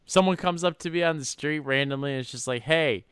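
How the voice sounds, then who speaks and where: A man's voice: fairly high pitch, fast talker, fairly bright tone, clean tone, no echo, clean studio sound. A man co-hosting a casual podcast, blunt and profane, laughing often. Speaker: podcast co-host. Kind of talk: casual movie recap chat.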